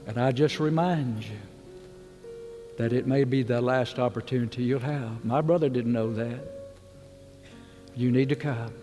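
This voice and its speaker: A man's voice: medium pitch, soft background music. Earnest preacher man pleading in a reverberant church. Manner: earnest, pleading, drops soft and slow on key words. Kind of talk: sermon with altar call. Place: large church with balcony.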